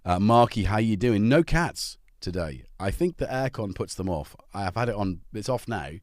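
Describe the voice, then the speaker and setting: A man's voice: lowish voice, animated, normal speed, dry recording. A man hosting a casual livestream from his home music studio, rambling cheerfully and greeting viewers by name. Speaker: livestream host.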